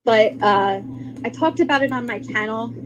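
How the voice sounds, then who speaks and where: A woman's voice: a little high, normal speed, crowd noise, low-quality recording. A woman defending herself with hesitant ums in a casual video call chat.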